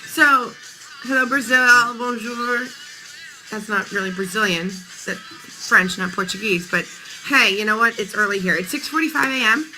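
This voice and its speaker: A woman's voice: on the high side, measured pace, pushed and bright, soft background music, low-quality recording. A woman in her thirties hosting a casual morning live stream, chatting playfully with viewers while her voice sounds tired.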